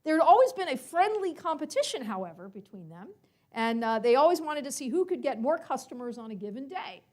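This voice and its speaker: A woman's voice: high-pitched, fairly quick. A woman telling a story to a congregation at a service, acting out the characters and asking the listeners questions. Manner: animated, acts out characters, asks listeners questions.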